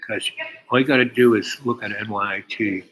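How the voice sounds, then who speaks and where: A man's voice: on the low side, steady tone, brisk, fairly bright tone, slight background noise, poor audio. An older man telling a long personal story in a meandering way, with many fillers and restarts. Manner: meandering, full of "you know" and restarts. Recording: crowd chatter behind. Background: crowd chatter.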